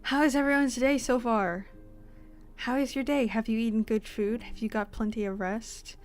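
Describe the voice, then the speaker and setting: A woman's voice: on the high side, fairly even intonation, moderate pace, faint music behind. A sleepy woman streamer chatting casually with her viewers, rambling and giggling between fillers.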